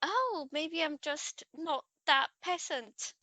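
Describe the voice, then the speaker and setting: A woman co-hosting a true crime podcast in casual chat, giggly and quick to react. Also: high-pitched, expressive, pushed and bright, dry recording.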